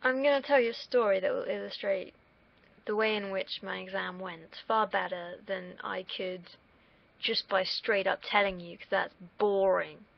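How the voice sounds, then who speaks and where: A woman's voice: mid-range voice, steady tone, normal speed, gravelly, no echo. A young woman from the United Kingdom, rambling candidly in a casual solo livestream and swearing freely. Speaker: streamer. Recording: dull lo-fi mic.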